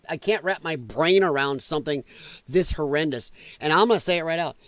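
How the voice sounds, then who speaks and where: A man's voice: a little high, brisk, a bit bright, smooth, no echo. A middle-aged American man from the Midwest hosting a political commentary stream, ranting with profanity and sarcasm. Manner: profane, sarcastic, mocking mimicry of others.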